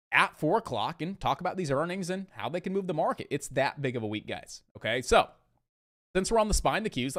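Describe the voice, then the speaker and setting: Calling his viewers "guys," a man runs a live day-trading stream and explains the market with emphasis, repeating himself for stress. His voice is a little high.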